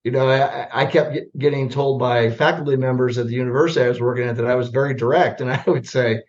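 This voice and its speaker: An older man from the US Midwest, a retired army general telling anecdotes as a podcast guest, plainspoken and lively when he acts out remembered exchanges. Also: mid-range voice, fast, highs cut off. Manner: plainspoken, animated storyteller who acts out remembered dialogue. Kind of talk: conversational storytelling on a podcast.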